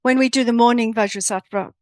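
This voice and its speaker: A woman's voice: on the high side, brisk, no room sound, clean studio sound. A woman attending a retreat asks the teacher about a practice. She speaks tentatively, repeats herself and says okay often. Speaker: retreat participant asking a question.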